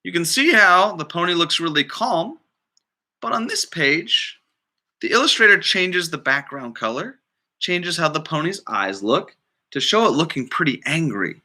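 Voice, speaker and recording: A librarian man reading a picture book aloud, chatty and asking children questions. His bright voice moves lively up and down, at an unhurried pace. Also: on the high side. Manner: chatty, asks listeners questions.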